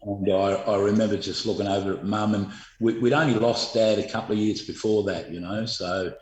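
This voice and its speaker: A middle-aged Australian man, a former footballer, telling stories in a rambling, halting way full of fillers and restarts. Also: lowish voice, fairly even intonation, echoey room, low-quality recording. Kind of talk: casual storytelling interview.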